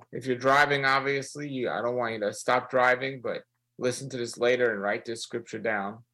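Earnest gravelly man leading prayer. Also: mid-range voice, fairly bright tone, low-quality recording. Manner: earnest, repeats phrases, slows for emphasis. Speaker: prayer leader. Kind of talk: sermon-style prayer broadcast.

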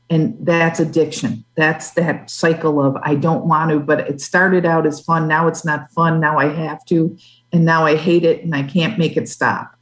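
A woman's voice: deep voice, rough recording. Earnest woman telling her testimony. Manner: earnest, halting storytelling. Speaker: guest. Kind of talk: testimony in an interview.

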